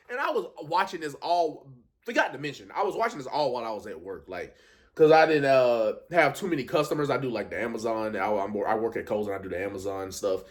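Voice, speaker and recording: A man giving a casual, animated reaction recap of a wrestling event, full of fillers and excited asides. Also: medium pitch, quick pace.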